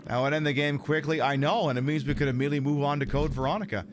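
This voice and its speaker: Male streamer, casual, sardonic rants, slightly high voice, noisy ambience behind. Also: level tone, racing. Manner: profane, ranting, sardonic. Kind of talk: casual gameplay commentary.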